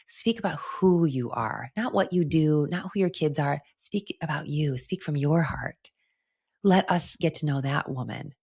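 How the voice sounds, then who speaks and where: Woman podcast host, middle-aged, earnest and gentle, low husky voice, dry close sound. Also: no room sound. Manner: earnest, gentle, spiritual, with soft laughs and "like" fillers. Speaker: podcast host and retreat leader. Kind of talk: reflective solo podcast talk.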